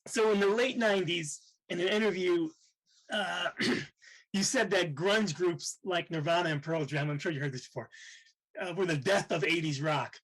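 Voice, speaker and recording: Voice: medium pitch, normal speed, low-quality recording. An interviewer asking a guest a long prepared question. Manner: prompting, sets up stories with cue words.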